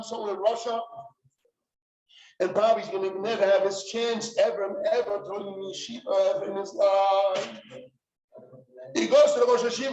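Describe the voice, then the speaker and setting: A man, a yeshiva head, retelling a story in an animated, dramatic lecture, in an echoey room. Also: high-pitched. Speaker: rosh yeshiva. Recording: echoey room, dull sound.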